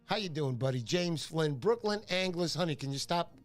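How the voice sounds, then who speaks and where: Middle-aged new guy running a fishing livestream, bit high voice, chatty and jokey, faint music behind. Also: lively intonation, moderate pace. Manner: chatty, joking, greets viewers by name. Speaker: fishing show host. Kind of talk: casual livestream chat. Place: home livestream.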